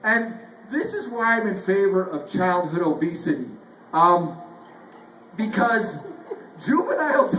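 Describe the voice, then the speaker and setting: A man's voice: high voice, fairly bright tone. A man from Northern Ireland doing a stand-up set on a club stage, chuckling through his lines and acting out his stories. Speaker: stand-up comedian. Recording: echoey club, faint noise.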